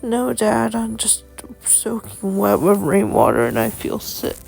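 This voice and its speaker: A woman's voice: mid-range voice, big pitch swings, a little slow, creaky, darkish tone, breathy edge, faint music behind, full character voice. A woman voicing a small, lost winged boy who whimpers and pleads. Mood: tearful.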